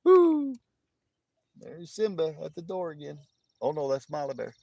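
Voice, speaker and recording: A man's voice: on the high side, a little fast, vocal fry, warm tone, no room sound. A middle-aged man chatting casually to live viewers from outdoors on his phone, laughing often. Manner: chatty, laughs often, jokey put-on voices. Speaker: livestream host. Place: outdoors in morning sun.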